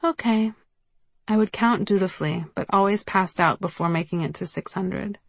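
A woman's voice: lowish voice, brisk, creaky, no room sound. A woman reading her own memoir aloud in a wry storytelling manner. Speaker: memoir narrator. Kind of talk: audiobook narration.

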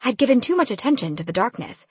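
A woman reading a first-person fantasy audiobook in an expressive, lively storytelling manner. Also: fairly high pitch, fast talker, breathy edge. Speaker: audiobook narrator.

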